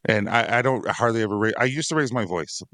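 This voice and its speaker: A man's voice: mid-range voice, fast, pushed and bright, dry recording, clean studio sound. A man who is a father of six, talking casually on a dads podcast, rambling and laughing often. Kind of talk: casual conversation.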